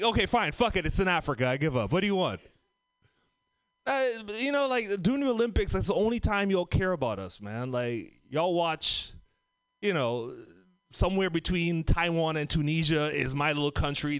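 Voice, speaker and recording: A man from Trinidad and Tobago doing a stand-up comedy set, loud and profane, laughing through his lines. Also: on the high side, clean tone, no room sound, clean studio sound.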